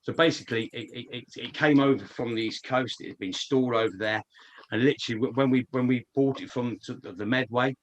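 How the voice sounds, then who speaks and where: A co-host tells stories with eager excitement, stumbling over repeated words as he hurries ahead. His voice sits at an ordinary mid pitch for a man. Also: fairly quick. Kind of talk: casual storytelling chat.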